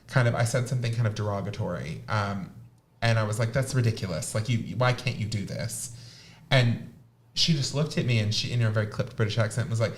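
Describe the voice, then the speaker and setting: A man co-hosting a panel show as a high priest, giving a candid, thoughtful answer with frequent fillers and self-corrections. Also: a little hiss or hum.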